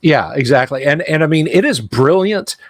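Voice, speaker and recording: A man's voice: a little high, normal speed, no room sound. A man hosting a livestream, chatting casually about tabletop games and acting out quoted lines as he tells stories. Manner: animated storyteller, acts out quoted voices. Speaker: livestream host.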